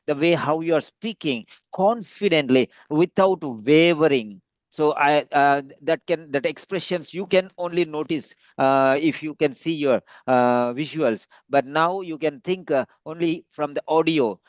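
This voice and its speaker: A man's voice: a little high, measured pace, no room sound. Man giving patient speaking-test feedback. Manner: patient, repetitive, explanatory with frequent fillers. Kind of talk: giving feedback in a practice session.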